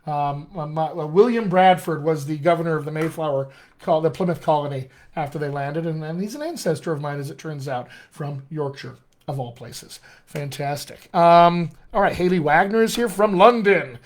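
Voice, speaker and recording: A man's voice: on the high side, moderate pace. A man working as a dialect coach, answering viewers' questions in an upbeat, emphatic live-streamed session and talking straight to them. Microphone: webcam or computer mic on a live stream.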